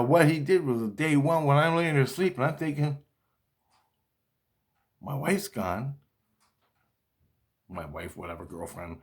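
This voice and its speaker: Profane, rambling man venting. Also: lowish voice. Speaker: vlogger. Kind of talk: rambling personal monologue.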